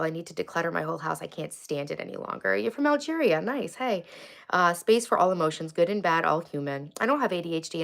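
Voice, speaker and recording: A woman hosting a casual livestream, teary and crying on and off, talking candidly and reading viewer comments aloud. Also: on the low side. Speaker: livestream host.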